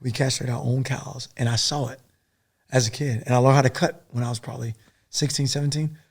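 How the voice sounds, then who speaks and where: Middle-aged male guest: rapid, gravelly, profane storyteller, animated and rambling. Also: medium pitch. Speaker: podcast guest, former soldier. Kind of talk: casual war storytelling.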